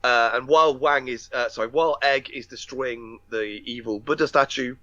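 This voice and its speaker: A man's voice: mid-range voice, steady tone, normal speed, sharp tone, dry recording, dull audio. A man co-hosting a podcast, retelling a film plot in casual chat with lots of fillers, restarts and laughter. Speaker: podcast co-host.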